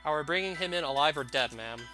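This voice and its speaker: A man's voice: a little high, lively intonation, fast, pushed and bright, faint music behind. A man reading a disciplined soldier who reports in formally. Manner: formal, clipped.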